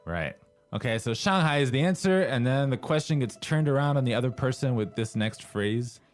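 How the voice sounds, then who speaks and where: Man, mid pitch, relaxed lesson co-host who asks guiding questions. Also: moderate pace, soft background music. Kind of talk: language lesson.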